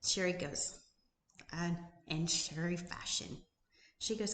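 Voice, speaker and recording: A woman's voice: lowish voice, slow, pauses often, a bit bright. A middle-aged woman, a life coach, giving an emphatic motivational talk full of rhetorical questions. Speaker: life coach and YouTube host. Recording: roomy echo.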